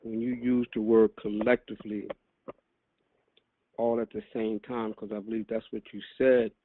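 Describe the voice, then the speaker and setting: A man hosting a call-in podcast, speaking deliberately and pressing his questions. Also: on the low side, level tone, no echo. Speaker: podcast host. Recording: tinny phone line.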